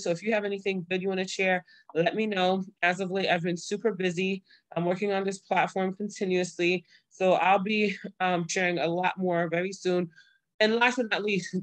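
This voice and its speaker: A woman's voice: fairly low pitch, no echo. A young woman hosting her own livestream show, talking casually and earnestly to viewers, pleading and then overjoyed. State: pregnant. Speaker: show host.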